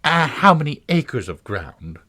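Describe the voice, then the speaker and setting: A man voicing a fussy, anxious, muddled old queen in a high, fluttering voice while reading a storybook aloud. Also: very animated, unhurried, pushed and bright, breathy edge, heavily acted. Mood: flustered.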